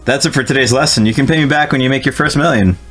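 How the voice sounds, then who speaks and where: A man's voice: mid-range voice, quick pace, a bit bright, soft background music, pitched above the performer's own voice, close to an everyday voice. A man voicing a smug, shady middle-aged businessman as he reads game dialogue aloud. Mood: salesy.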